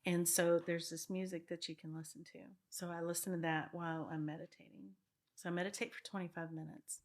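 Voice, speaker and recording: The guest, a real estate broker in her fifties, has a low, flat voice and talks a little fast during this relaxed interview. Earnest and reflective, she often backs up to restart a thought and laughs gently.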